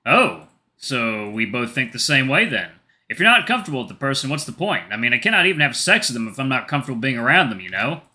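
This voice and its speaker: Visual novel role: a man doing a teasing, flirty big tiger, sharp bright tone, lively playful lines. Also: medium pitch, quick pace. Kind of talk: visual novel read aloud.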